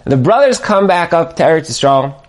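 A man teaching a Torah class, telling stories and acting out the people in them. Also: a little fast. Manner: animated storyteller, jumps high to act out quoted voices. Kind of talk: lively Torah class with acted-out scenarios.

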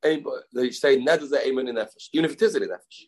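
A man teaching a Talmud lesson, halting and repeating phrases, mixing English with Hebrew and Aramaic terms. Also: mid-range voice, animated, slightly rough, poor audio. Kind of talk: Talmud study class.

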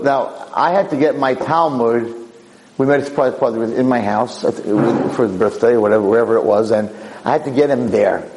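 A man giving a Torah lecture, telling a story in a lively, animated way, acting out the people in it. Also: low-quality recording. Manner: animated, acts out yelling characters in high pitch. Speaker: rabbi lecturer.

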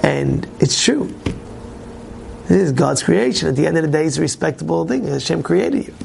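A man teaching a Torah class and telling a personal story, animated, often repeating words and restarting. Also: fairly high pitch, normal speed, gravelly, a little hiss or hum.

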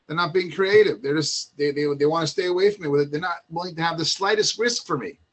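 A man's voice: a little high, quick pace, a bit bright. A man voicing an eager, earnest young son speaking to his father in a retold story.

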